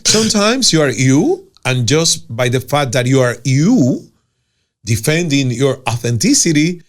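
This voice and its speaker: A man's voice: mid-range voice, big pitch swings, unhurried. A man hosting an interview, asking probing questions and affirming the guest enthusiastically. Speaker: host. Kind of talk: interview conversation.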